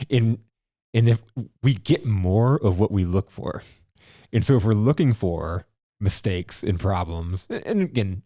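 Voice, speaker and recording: Deep-voiced, earnest male podcast host. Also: animated, measured pace, dark tone, no echo, clean studio sound. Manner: earnest, affirming, reflective. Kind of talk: conversational podcast commentary.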